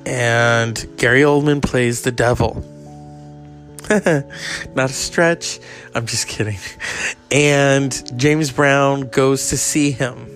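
A man's voice: mid-range voice, steady tone, slow pace, a bit bright, soft background music. A man hosting a podcast, rambling in a crude, sarcastic casual monologue. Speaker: podcast host.

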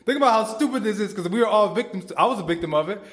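A man's voice: sits high, racing. A man in his thirties hosting a motivational podcast, swearing freely and preaching with energy, often acting out quoted voices. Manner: profane, animated, preachy, acts out quoted voices. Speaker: podcast host and supplement company founder.

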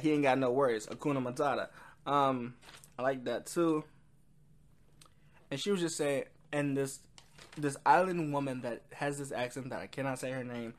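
A man casually reviewing an album, rambling with frequent ums and quoting lyrics. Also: medium pitch. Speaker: music reviewer.

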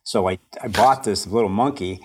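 A man's voice: fairly low pitch, moderate pace, slight background noise. A man, an author, chatting as a podcast guest in a reflective, self-deprecating way, laughing often. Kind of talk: casual interview chat.

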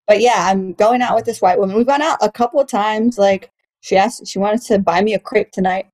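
A woman's voice: mid-range voice, steady tone, a little fast, a little mellow. A woman comedian from Texas, chatting casually about her dating life, telling stories candidly, swearing often and laughing as she goes. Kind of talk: casual podcast chat, storytelling.

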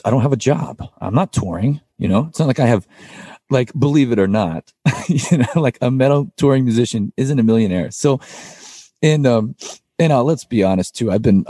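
A man with a low, mellow, slightly husky voice recounts a personal story as a podcast guest. His delivery is loose and rambling, full of filler words and casual swearing, and the recording is dry and close. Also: fairly quick, no room sound. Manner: rambling, with frequent "like" and "you know" and casual swearing. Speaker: podcast guest, metal band vocalist.

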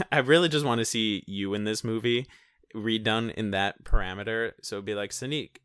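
A man's voice: fairly low pitch, moderate pace, a bit bright, clear, resonant tone, dry recording, studio quality. A young man co-hosting a podcast in casual chat, joking and rambling with many fillers.

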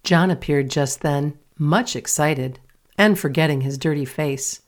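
A woman narrating a children's story aloud in a steady, clear reading voice. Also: sits low, measured pace. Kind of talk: audiobook reading.

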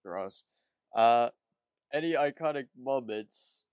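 A man's voice: medium pitch, lively intonation, slow pace, a little mellow, clean tone, no echo. A man co-hosting a podcast, chatting casually about a cartoon episode with short reactions and questions. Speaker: podcast co-host. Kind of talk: casual cartoon recap chat.

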